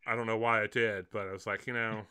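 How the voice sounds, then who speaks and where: Bright-voiced rambling man. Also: fairly low pitch, flat delivery, fast talker, smooth. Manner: rambling, hedges and restarts often. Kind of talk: casual film discussion.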